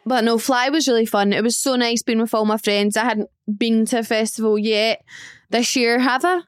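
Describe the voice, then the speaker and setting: A woman in her twenties hosting a podcast, talking alone in a chatty, excitable, self-mocking way about her life. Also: fairly high pitch, moderate pace, smooth, no echo, clean studio sound. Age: 20s. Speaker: podcast host. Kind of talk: casual solo life-update chat.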